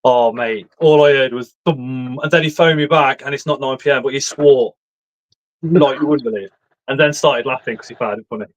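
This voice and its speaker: Man in his forties, host, chatty, rambling, joking, mid pitch. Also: fairly quick, lo-fi sound. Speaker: live stream host. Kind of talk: casual chat.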